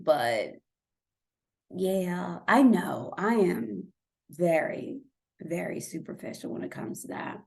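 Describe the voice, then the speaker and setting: An American woman hosts a casual monologue in a mid-range voice, chatty and blunt. She swears freely and swings from loud remarks down to hushed asides.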